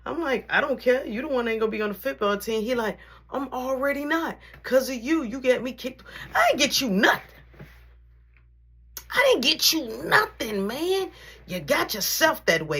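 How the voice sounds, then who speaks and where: A woman's voice: high-pitched, a little fast. A woman casually telling a story in slang, acting out the voices of the people in it. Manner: animated, slangy, acts out quotes.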